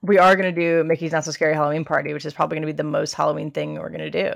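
A low-voiced woman co-hosting a podcast, her voice gravelly at the edges. She chats casually and explains things in plain words. Her voice is close and dry, with no room sound. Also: level tone, racing, no echo, highs cut off. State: has hiccups. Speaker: podcast co-host. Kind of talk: casual chat.

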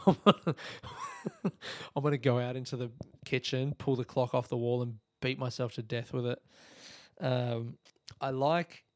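Alone in his room late at night, a tired man hosts a podcast as a casual monologue into a podcast microphone, rambling, yawning, swearing and poking fun at himself. His voice is medium-pitched, and the recording is dry and studio quality.

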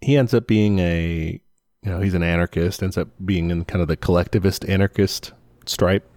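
A man's voice: low voice, normal speed, no echo, clean studio sound. A man co-hosting a podcast, chatting casually about a film and explaining history with lots of "like" and "you know". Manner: relaxed, many fillers, explains history. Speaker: podcast co-host.

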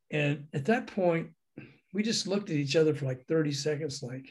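Older man telling lively stories. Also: on the high side, moderate pace, slightly rough. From American South. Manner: animated, acts out the voices in his stories, laughs often. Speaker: guest recounting a music industry career. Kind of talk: anecdotal storytelling in an interview.

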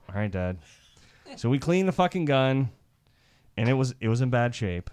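A man from Iowa co-hosting a podcast, telling a crude, animated hunting story and laughing as he talks. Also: medium pitch, moderate pace, pauses often. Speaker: podcast co-host. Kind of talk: crude storytelling among friends.

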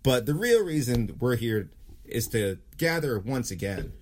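A man's voice: medium pitch, very animated, unhurried, darkish tone. A man hosting a podcast in casual chat, swearing freely and laughing through rambling banter. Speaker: podcast host.

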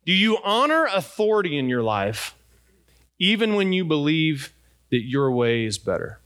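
A man's voice: a little high, sing-song, moderate pace, fairly bright tone. A middle-aged man preaching a sermon in a conversational way, asking his congregation questions. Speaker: pastor.

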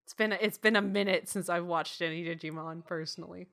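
A woman's voice: fairly low pitch, fairly even intonation, brisk, creaky, a bit bright. A young woman co-hosting a casual chat, laughing often as she jokes along.

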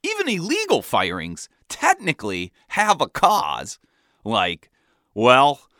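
A man telling a comic first-person story in a wry, animated way. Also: medium pitch, unhurried, no echo, clean studio sound.

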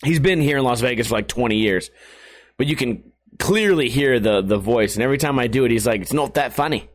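A man's voice: medium pitch, a little fast. A man hosting a podcast in a crude, rambling, jokey comedic monologue. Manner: crude, rambling, jokey, puts on silly voices. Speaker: podcast host.

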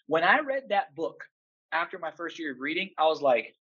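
A man in his thirties, a teacher and father, telling stories with animated, emphatic energy and acting out quotes. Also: a little high, moderate pace, breathy edge, muffled recording. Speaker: podcast guest, teacher and father. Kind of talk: enthusiastic storytelling chat.

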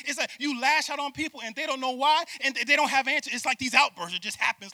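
A male preacher giving a lively sermon, acting out voices, laughing often and calling out to the crowd. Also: extremely high pitch, quick pace, few pauses, dry recording.

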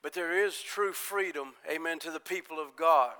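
A man preaching a sermon in church, retelling stories in quoted voices and building from quiet talk to loud, high-pitched preaching. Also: normal speed, clear, resonant tone. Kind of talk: Pentecostal-style sermon.

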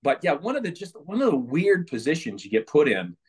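A man telling lively stories as a guest in an interview. He acts out quotes and laughs through his anecdotes. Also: on the high side, fairly quick, husky. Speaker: podcast guest, former page.

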